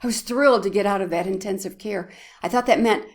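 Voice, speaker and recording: A woman's voice: medium pitch, quick pace. A woman giving a heartfelt devotional talk at church, emotional and often dropping to a whisper. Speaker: church speaker.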